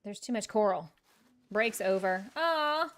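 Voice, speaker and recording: A woman's voice: medium pitch, expressive, unhurried, a bit bright. A woman streaming a game, chatting casually with viewers in a chatty, self-mocking way and laughing often. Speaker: live-streaming gamer. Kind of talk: casual gameplay chat with viewers.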